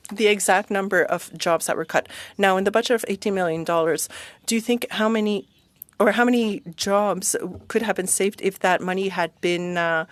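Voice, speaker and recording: A woman simultaneously interpreting a parliamentary committee hearing, steady and even, with frequent hesitations. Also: medium pitch, no echo.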